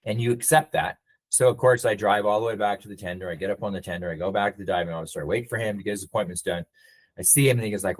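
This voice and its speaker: Speaking very fast in a lowish voice, a middle-aged navy veteran who leads a nonprofit tells his story in a relaxed interview. He reflects as he goes and acts out what other people said. The recording is low quality.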